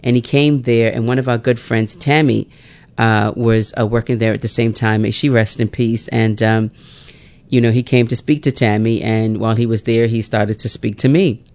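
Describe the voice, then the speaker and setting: A woman host telling a personal story in a casual chat, lively and laughing often, with many fillers. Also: extremely low pitch, moderate pace.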